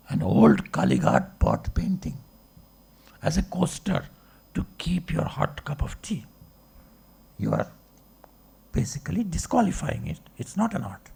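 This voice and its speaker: His voice sits high yet sounds dark, creaky and husky. The speaker is a philosophy professor holding forth in a discursive public lecture, regularly pausing for rhetorical questions like "right" and "okay" aimed at the audience.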